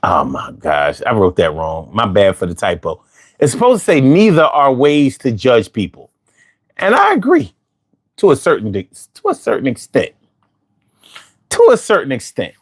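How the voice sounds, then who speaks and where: A man hosting a livestream, chatting casually and reading out viewer comments in a drawling, animated way. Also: mid-range voice, moderate pace, slightly rough. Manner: drawling, animated, talks back to chat. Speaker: livestream host.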